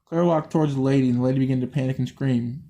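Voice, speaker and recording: A man reads a violent horror story aloud in an unpolished, halting way. He keeps misreading lines, restarts them and swears at his own slips. His voice has a dark, mellow tone. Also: medium pitch, steady tone. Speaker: story reader.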